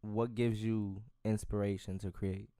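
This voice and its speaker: A man's voice: lowish voice, flat delivery, unhurried, dark tone, smooth, dry recording, studio quality. A man hosting a podcast, asking short laid-back interview questions. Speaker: podcast host. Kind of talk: casual interview.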